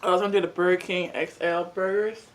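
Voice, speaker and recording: A woman's voice: on the low side, steady tone, quick pace. Chatty young woman vlogging while eating. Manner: chatty, rambling, lots of "like". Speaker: mukbang vlogger. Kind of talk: casual chat while eating.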